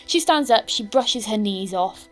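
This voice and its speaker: A woman's voice: medium pitch, expressive, measured pace, soft background music. A woman with a British accent, narrating as game master in a rambling, descriptive way. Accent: British English.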